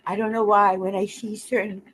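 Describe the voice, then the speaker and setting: A woman's voice: medium pitch, level tone, slight background noise, poor audio. Tearful woman on a video call. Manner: tearful, halting, with laughs through tears. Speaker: participant in an online group call. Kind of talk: emotional open sharing.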